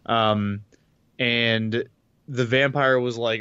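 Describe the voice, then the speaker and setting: A man's voice: mid-range voice, measured pace, fairly bright tone, no echo, dull audio. Rambling man recapping a book on a podcast. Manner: loose and rambling, with restarts and casual swearing. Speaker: podcast co-host. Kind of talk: casual chat recapping a book.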